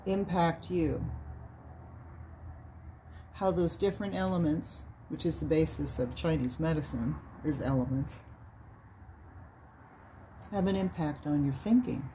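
A woman with a mellow, slightly low voice reads a nonfiction book aloud. Her delivery is measured, and she lifts her voice to stress key words. A faint hiss sits underneath. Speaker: reader of a book on sound healing.

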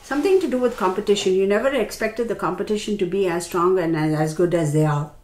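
A woman giving a casual tarot reading, chatty and expressive, talking straight to the viewer. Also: mid-range voice, fast. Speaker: tarot reader. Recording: roomy with faint background noise.

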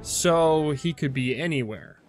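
A man's voice: on the high side, measured pace, soft background music, lightly acted. A man voicing a fretful, anxious man who is fussing over his missing cat while reading a game's dialogue aloud. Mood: worried. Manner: anxious, fussing, lifted delivery.

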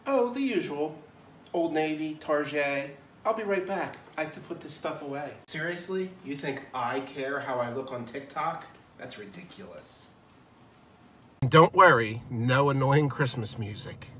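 A man's voice: a little high, animated, a little slow, long pauses, fairly bright tone, a little hiss or hum. A melodramatic teenage daughter , as a dad puts her on swings her voice wildly up and down with sarcastic flair. The sound is roomy and distant, and faint music plays underneath. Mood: dramatic. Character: dramatic teenage daughter, young woman. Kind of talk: comedic impression. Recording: echoey room, far from mic, faint music.

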